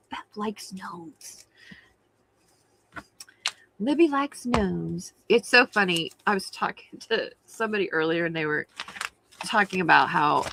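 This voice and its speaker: A woman's voice: medium pitch, vocal fry, a bit bright, a little hiss or hum, poor audio. A middle-aged woman hosting a crafting livestream, chatting casually and giggling while reading viewer comments.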